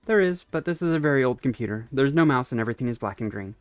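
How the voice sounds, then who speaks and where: A man's voice: mid-range voice, expressive, quick pace, dry recording, faint music behind. A man hosting a let's play, reading game dialogue aloud in a casual, chatty way.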